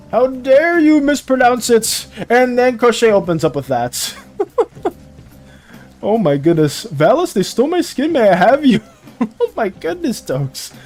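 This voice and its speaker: Giggly streamer rambling at chat, voice jumps up and down a lot, soft music behind. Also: medium pitch. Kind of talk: casual live-stream chat.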